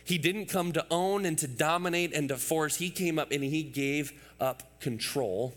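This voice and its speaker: A pastor in his thirties preaches emphatically, building momentum through repeated phrases and making asides to the congregation. His voice is on the high side and fairly bright, his pace measured, and the sound has a big-room quality.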